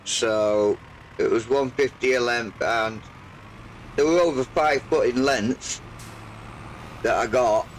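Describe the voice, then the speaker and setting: An older man with a slightly croaky voice, chatting in a rambling, hesitant way while streaming a farming game. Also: medium pitch, a little hiss or hum, poor audio. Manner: rambling, hesitant, full of pauses. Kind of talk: relaxed live gameplay chat.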